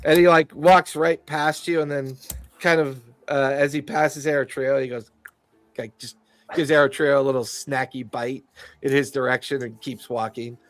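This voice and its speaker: A man's voice: medium pitch, fairly even intonation, normal speed, no echo. A man narrating as game master in a casual tabletop game, with plenty of fillers.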